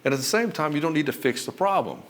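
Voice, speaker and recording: A man's voice: fairly high pitch, expressive, fast talker. A middle-aged man coaching husbands on their marriages, talking bluntly with swearing and acting out both sides of conversations. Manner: blunt and profane, acts out both sides of dialogues. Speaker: relationship coach. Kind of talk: direct-to-camera coaching monologue.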